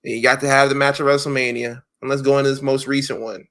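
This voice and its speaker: A man co-hosting a wrestling podcast in casual, animated chat, swearing freely and mocking people in quick impressions. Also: mid-range voice. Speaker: podcast co-host.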